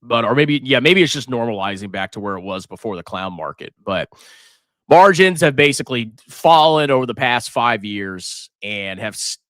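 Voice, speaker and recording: A man hosting a casual livestream about stocks, excitable, swearing freely and quick to laugh. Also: medium pitch, no room sound, clean studio sound. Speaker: finance livestream host.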